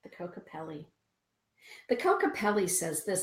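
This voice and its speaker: A woman's voice: lowish voice, unhurried, reverberant. A woman hosting a spiritual radio show, chatting with listeners and reading oracle cards aloud to them. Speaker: radio show host and card reader.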